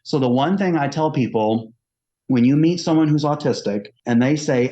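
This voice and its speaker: A man's voice: medium pitch, unhurried, dark tone. Earnest man sharing his own experience to camera; casual, heartfelt delivery on a muffled lo-fi track. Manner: earnest, conversational, acting out quoted dialogue. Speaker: autistic self-advocate. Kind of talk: personal storytelling to camera. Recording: dull lo-fi recording.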